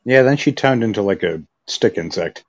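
A man co-hosting a podcast in casual chat, joking and relaxed. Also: lowish voice, moderate pace, dull audio. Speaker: podcast co-host.

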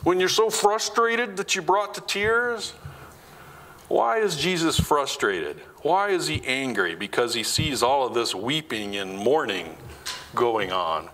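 A man preaching a sermon as pastor, asking his listeners question after question and dropping low and slow to press a point. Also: expressive, rough recording. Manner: asks the congregation many questions; drops to low, slow, quiet emphasis.

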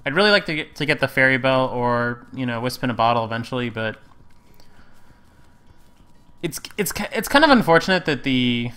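Bright, clear-voiced let's play host. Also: male voice, medium pitch, animated, normal speed, long pauses. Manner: rambling, self-correcting, wry. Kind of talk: casual gameplay commentary.

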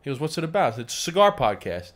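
A man co-hosting a casual podcast, telling stories and jumping into loud voices when he quotes people. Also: mid-range voice, sing-song, rapid-fire. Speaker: podcast co-host. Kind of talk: casual chat.

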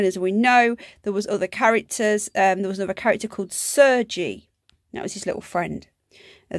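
A woman's voice: a little high, no room sound. Exasperated British woman vlogging, dry sound. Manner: incredulous, exasperated ranting. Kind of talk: casual to-camera commentary.

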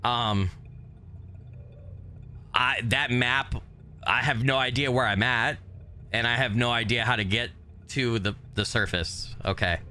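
A man casually commentating his game on a live stream, greeting viewers by name and swearing offhandedly, his voice a little hoarse from recovering. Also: mid-range voice, a little slow, pauses often, pushed and bright. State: voice still recovering, slightly hoarse. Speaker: gaming streamer.

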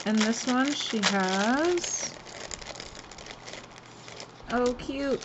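A woman's voice: fairly high pitch, expressive, drawn-out words, heavy background noise. A woman hosting a craft swap, chatting casually and gushing over each item as she unboxes it, laughing often.

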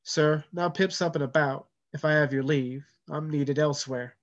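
A man voicing a weary ship's carpenter in a story reading, speaking low and restrained. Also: steady tone, normal speed, lo-fi sound, close to an everyday voice.

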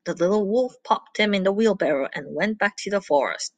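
A woman reading a children's story aloud in an animated way, pausing to ask her listeners questions. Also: mid-range voice, no room sound.

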